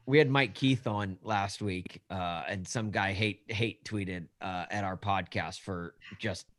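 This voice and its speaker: A man hosting a podcast in casual chat, laid-back and quick to laugh. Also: low-pitched, fairly bright tone. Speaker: podcast host.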